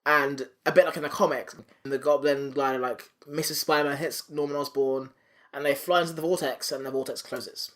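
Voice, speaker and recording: A man hosting a podcast, recapping a cartoon in animated, profane casual chat and acting out the characters. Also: fairly high pitch, normal speed. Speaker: podcast host.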